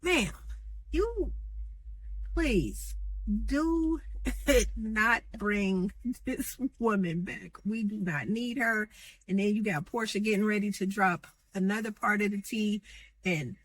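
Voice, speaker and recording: A woman's voice: mid-range voice, unhurried, no echo. A woman giving a sassy, slangy recap of reality TV gossip, acting out what the cast said. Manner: sassy, animated, slangy, acts out quotes. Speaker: gossip commentator.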